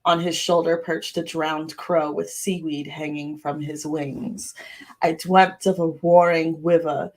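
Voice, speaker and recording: Creepy old seer woman with a mock Boston lilt, slow, low, drawn-out reading of dark dreams, as a woman puts her on. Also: level tone. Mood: eerie. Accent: put-on Boston accent. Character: ancient female seer reciting eerie prophetic dreams.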